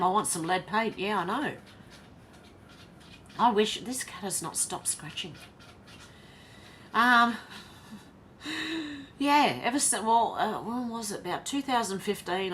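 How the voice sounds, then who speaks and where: A woman's voice: sits low, pushed and bright, a little hiss or hum. Chatty Australian woman on a livestream. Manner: reads viewer comments aloud with chatty asides. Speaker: livestream host. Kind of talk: casual livestream chat.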